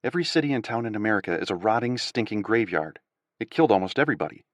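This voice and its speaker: Guy reading a tough captive woman, low and coaxing, lively pitch. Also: racing, no room sound, natural voice. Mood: probing.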